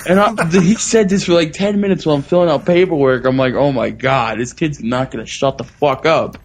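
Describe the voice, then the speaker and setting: A man's voice: a little high, brisk, few pauses. A man on a casual comedy podcast telling blunt stories, full of swearing. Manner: profane, blunt storyteller. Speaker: podcast guest.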